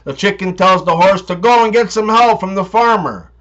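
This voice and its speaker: A man telling jokes and short comic stories in a sarcastic, lively way, shifting his voice for the characters. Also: sits high, moderate pace, lo-fi sound. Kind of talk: joke telling.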